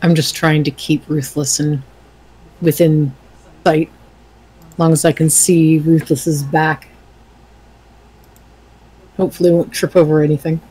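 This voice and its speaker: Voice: medium pitch, little pitch movement, a little slow, long pauses, darkish tone, husky, low-quality recording. A tabletop game player making matter-of-fact remarks about their character.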